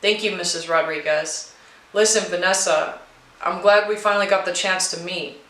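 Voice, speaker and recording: Quiet, apologetic female veteran full of guilt, voiced by a woman reading a storybook. Bright tone, echoey room. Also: fairly low pitch, fairly even intonation, moderate pace, close to an everyday voice. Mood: grieving. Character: grieving female Navy veteran, guilt-ridden, withdrawn.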